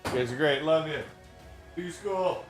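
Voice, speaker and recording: A man's voice: on the high side, unhurried, faint music behind. A tired man hosting a livestream from home, chatting casually with viewers in a rambling way and repeating himself. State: tired from a sleepless night. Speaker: livestream host reading books aloud. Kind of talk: casual chat with live viewers. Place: home with family nearby.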